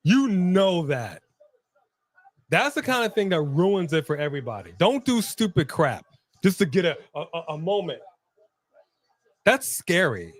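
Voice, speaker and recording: A man's voice: a little high, sing-song, moderate pace. A man co-hosting a live wrestling watch-along, reacting with playful trash talk.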